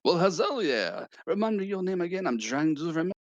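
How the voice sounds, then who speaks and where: A man voicing a friendly, secretive male school cook in a slow, theatrical, sing-song way. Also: high voice, big pitch swings, no room sound, muffled recording, pitched above the performer's own voice. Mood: cheerful.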